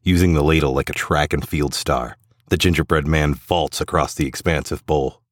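A man narrates a storybook tale in an extremely deep voice. He reads in a steady, even manner, close and dry with no room sound. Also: moderate pace, no echo.

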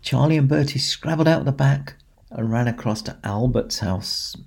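A man telling a children's story in a gentle, expressive way, with dramatic pauses. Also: medium pitch, vocal fry, slightly rough. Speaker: storyteller in a Santa persona.

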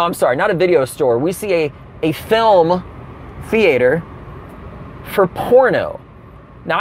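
A young adult man telling a comedic story, animated and profane, with sudden exaggerated outbursts. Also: high-pitched, a little hiss or hum.

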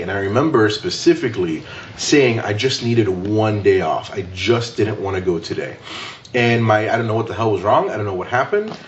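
A man's voice: medium pitch, slight background noise. Casual swearing man, dull lo-fi sound. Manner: swearing, animated storytelling. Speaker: podcast co-host. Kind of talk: casual chat. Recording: dull lo-fi recording.

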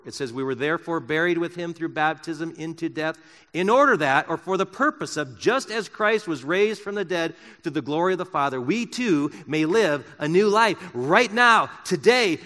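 A man preaching a sermon in a church, swinging from loud emphasis to soft, slow words. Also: high voice, big-room sound. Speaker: pastor. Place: church sanctuary.

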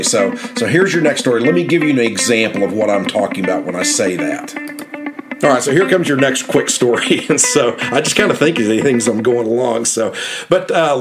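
A middle-aged man hosting a podcast, telling stories in a casual, rambling, enthusiastic way. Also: medium pitch. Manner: rambling, enthusiastic, repeats words and restarts. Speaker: podcast host and guidebook author. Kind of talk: casual storytelling monologue.

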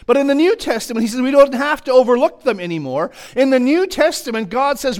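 High-voiced man preaching a sermon. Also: lively intonation, a little fast, hardly any pauses, darkish tone. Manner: emphatic, builds long repeated lists.

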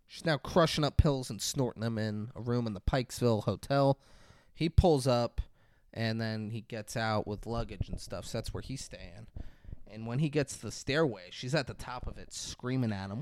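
A man's voice: medium pitch, normal speed, dry recording, studio quality. Man animatedly recapping a movie. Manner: animated storytelling, acting out characters, profane. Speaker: podcast co-host. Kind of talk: casual movie recap chat.

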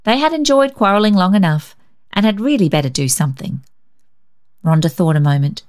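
A woman narrating a children's story in a gentle, expressive reading voice. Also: low voice, normal speed. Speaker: reader.

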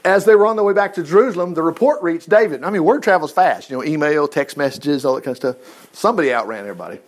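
High-voiced man teaching a Bible story. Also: expressive, fast talker. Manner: reads scripture aloud with folksy asides and jokes; swings between loud emphatic bursts and low mutters. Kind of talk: casual Bible study reading and commentary.

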